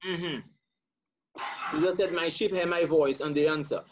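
A man's voice: on the high side, steady tone, normal speed, slight background noise. A man leading a church training course over a call, asking questions and affirming answers with frequent murmurs.

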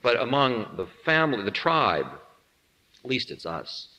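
A spiritual teacher gives a talk in a bright, ringing voice whose pitch roams freely, very animated yet a little slow. He's playful and self-mocking, acting out little scenes along the way, and a long hall reverb surrounds his voice.

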